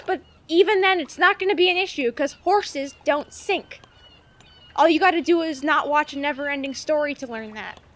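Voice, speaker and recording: Blustery sea captain, man, boastful and theatrical, pitched high. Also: normal speed, a bit bright. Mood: pompous. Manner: pompous, theatrical. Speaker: comedy sketch actor.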